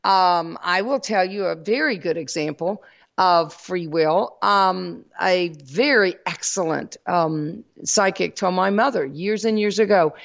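Southern woman host, folksy spiritual talk, gravelly voice, dull lo-fi recording. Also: on the low side, a little slow. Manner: folksy, addresses listeners as y'all.

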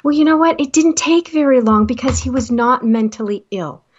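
A middle-aged woman, a life coach, telling stories from her work in a casual talk, acting out the dialogue with excited jumps in pitch. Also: moderate pace. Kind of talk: personal storytelling talk. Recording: slightly dull lo-fi audio.

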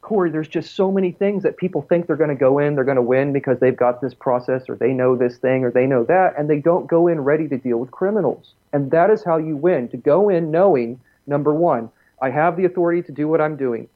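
A man's voice: fairly high pitch, brisk, narrow, tinny audio. A man talking casually on a podcast, blunt and profane, telling stories with quotes he acts out.

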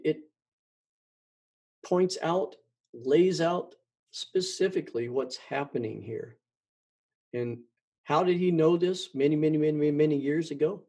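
A man's voice: mid-range voice, warm tone, slightly rough, highs cut off. A man hosting his own show, talking in a rambling monologue, stumbling and repeating words with many ums. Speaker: podcast host.

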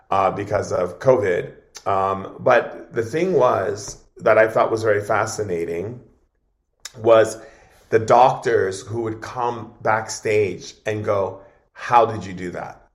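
A lower-voiced man, a guest on an interview show, telling a story with dramatic flair. He plays out every exchange, switching between himself and the people in it. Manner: expressive, dramatic storyteller acting out dialogue.

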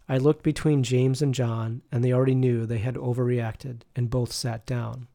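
A man reading a novel aloud in the first person, calm and measured, with a soft teaching manner. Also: mid-range voice, gravelly. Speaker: audiobook narrator.

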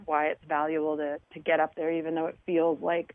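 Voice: mid-range voice, completely flat delivery, a little fast, no echo. A podcast host chatting casually with a guest, encouraging and reflective. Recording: dry, tinny phone-like sound.

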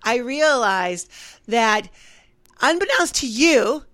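A woman's voice: fairly high pitch, slow pace, no room sound. A woman co-hosting a casual podcast chat, telling stories animatedly and acting out what people said. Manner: animated storyteller acting out quotes. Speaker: podcast co-host.

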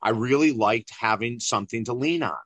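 A middle-aged man, a guest in an interview, telling a personal story in a lively way and acting out the dialogue. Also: mid-range voice, fairly quick, dry recording, dull audio. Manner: animated storyteller who acts out dialogue.

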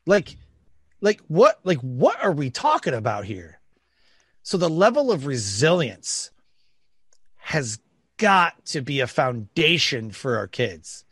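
A man's voice: on the high side, very animated, slow pace, long pauses, fairly bright tone, husky, no echo. A middle-aged man from Detroit, talking bluntly and emphatically in a casual conversation, acting out what others said. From Detroit, Michigan. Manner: blunt, emphatic, acts out quoted voices. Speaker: podcast guest.

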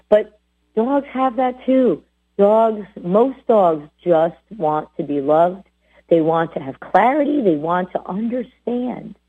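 A woman hosting a radio show about dog training, coaching listeners in a lively, direct way. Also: fairly low pitch, slightly rough. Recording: tinny phone-like sound.

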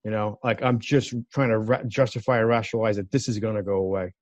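A man guesting on a talk show, telling a story in a lively way and acting out the voices of the people in it. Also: on the low side, fast talker, no echo. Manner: animated, acts out quoted voices. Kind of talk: casual storytelling. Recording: dull lo-fi dry sound.

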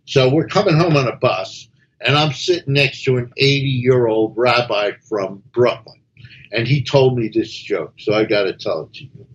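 A man's voice: medium pitch, moderate pace, muffled recording, a little hiss or hum. A man hosting a talk radio show, chatting casually and telling a story, repeating words as he goes.

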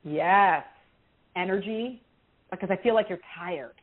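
A woman giving intuitive readings to callers on a call-in show, expressive and reassuring, with feeling in her voice. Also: medium pitch, unhurried. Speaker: intuitive reader answering callers. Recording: tinny phone-line sound.

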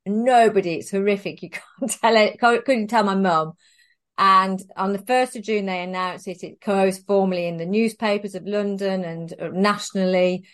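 Chatty woman telling a story, low voice. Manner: chatty, animated storyteller who laughs often. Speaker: guest. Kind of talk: conversational storytelling interview.

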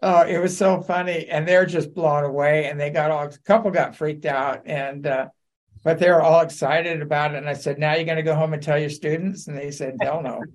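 A man with a somewhat high voice tells casual, animated anecdotes for a talk radio show. He laughs along and acts out what people said. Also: a little fast.

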